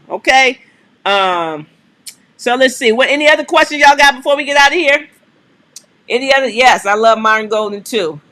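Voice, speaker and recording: A woman's voice: mid-range voice, sharp tone. A woman hosting a live stream, answering viewer questions in an emphatic, preacherly way and coaxing the audience again and again. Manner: emphatic, repeats "okay?" and "come on", coaxing the audience; preacherly call-and-response cadence.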